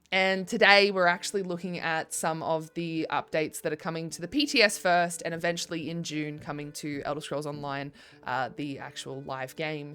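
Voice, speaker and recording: A young woman game streamer with a mid-range, slightly bright voice chats casually with her viewers. She rambles and says um a lot, with faint music in the background.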